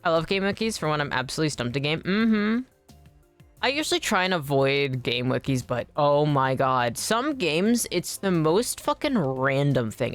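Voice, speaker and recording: A woman's voice: sits low, big pitch swings, moderate pace. A young woman chatting casually while streaming a game, rambling and swearing easily, with faint music behind her. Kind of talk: casual gaming stream chat.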